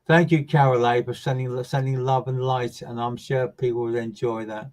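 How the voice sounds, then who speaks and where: Soft-spoken man giving soothing readings. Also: medium pitch, steady tone, normal speed, low-quality recording. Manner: soft, soothing and repetitive, often trailing off quietly. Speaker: psychic medium giving live readings. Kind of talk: live online reading.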